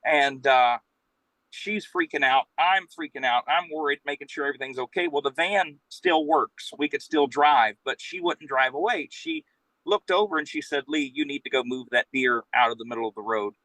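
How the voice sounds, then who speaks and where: A man's voice: mid-range voice, normal speed, no room sound, rough recording. A man, rambling through an anecdote and acting out the quotes. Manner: rambling, animated storytelling with acted-out quotes. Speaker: guest storyteller, professional Santa. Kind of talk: casual anecdote telling.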